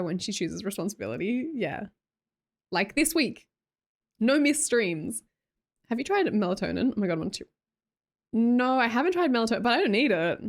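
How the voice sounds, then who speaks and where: Australian woman, casual livestream chat, playful, laughs a lot, sleepy late-night tone. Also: medium pitch. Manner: playful, laughs often, chats with viewers.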